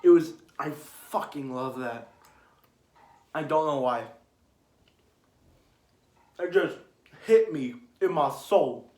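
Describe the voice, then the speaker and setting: A man's voice: a little high, slow, pauses often. Rambling young man in an echoey room. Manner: rambling, restarts, grows excited and loud. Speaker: anime commentator. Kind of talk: casual ranking chat.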